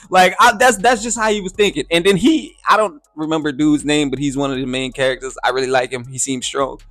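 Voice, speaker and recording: A man's voice: fairly high pitch, brisk, hardly any pauses, a bit bright, soft background music. A man giving a casual, slang-filled anime reaction and review, often asking "you feel me".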